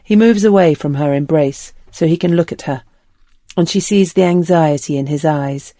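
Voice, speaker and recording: A woman narrating a historical novel as an audiobook in a calm, measured storytelling manner. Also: deep voice, dry recording.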